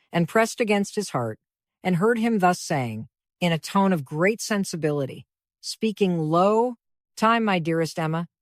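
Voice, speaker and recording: A woman narrating a classic novel in a measured, even reading voice. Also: lowish voice, no echo, studio quality.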